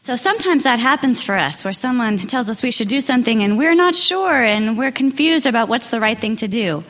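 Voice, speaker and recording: A woman minister gently leading a quiet reflection and prayer in a worship hall. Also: on the high side, expressive, a little fast. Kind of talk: sermon and meditation. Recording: long hall reverb.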